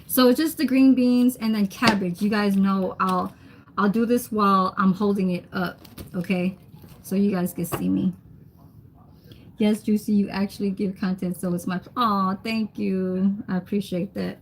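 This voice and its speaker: A woman's voice: mid-range voice, fairly even intonation, normal speed, a little hiss or hum. A young woman, chatting casually on a livestream while she cooks, reading comments and laughing often. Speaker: livestream host. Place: home kitchen.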